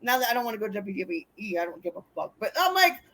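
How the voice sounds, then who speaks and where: A woman's voice: medium pitch, sing-song, fast, fairly bright tone, low-quality recording. A woman on a chat show, telling profane, blunt stories and acting out the voices of the people in them. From United States. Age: adult with a young daughter. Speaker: guest wrestler. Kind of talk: casual storytelling chat.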